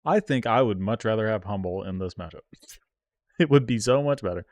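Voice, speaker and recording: A man streaming himself playing an online card game, reacting out loud with yelps and groans and talking to his viewers. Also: on the low side, a little fast, no room sound. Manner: excitable, groans and yelps at the game, talks to chat. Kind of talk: live gameplay commentary.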